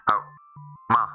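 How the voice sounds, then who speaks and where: A man streams a game and chats casually, rambling, interrupting himself, restarting often and trailing off. His tone is sharp and the audio quality is poor.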